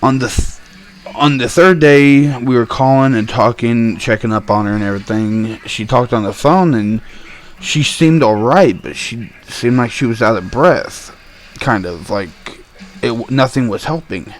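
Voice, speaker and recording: A young man telling a story in a heated, profane, animated rant. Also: mid-range voice, a little slow. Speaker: vlogger.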